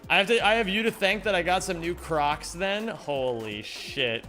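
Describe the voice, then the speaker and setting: A man streaming a speedrun live, chatting with viewers in an animated, joking way and swearing casually. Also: sits high, normal speed, faint music behind. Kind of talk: live-stream chat while gaming.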